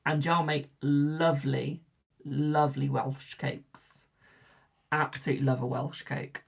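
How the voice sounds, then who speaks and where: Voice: mid-range voice, little pitch movement, a little slow, gravelly, breathy edge. A young adult tarot reader from Britain chatting casually with live viewers, rambling and repeating phrases for emphasis.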